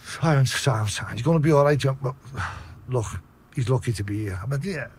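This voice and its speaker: A man with a Liverpool accent telling a story in a casual way, swearing a lot and acting out his own shouts. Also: mid-range voice, fast talker, breathy edge. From Liverpool, England.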